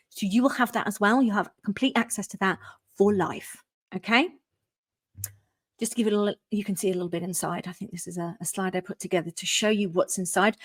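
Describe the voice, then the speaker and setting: Lady coach doing a gushy sales pitch, big excited bursts, dry close sound. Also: no room sound. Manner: enthusiastic and effusive, emphatic bursts. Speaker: parenting coach.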